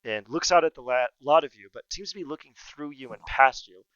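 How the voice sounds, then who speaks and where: A man runs a tabletop game, narrating scenes in a loose, jokey way. His voice is smooth and crisp. The recording is dry and slightly dull. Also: mid-range voice, a little fast, fairly bright tone, dry recording. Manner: laughs often, loose and jokey. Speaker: game master.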